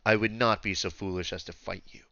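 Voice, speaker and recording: A man's voice: low-pitched, fairly even intonation, brisk, sharp tone, dry recording, muffled recording. A man voicing a stern, loyal female warlord who reports formally and deferentially to her emperor.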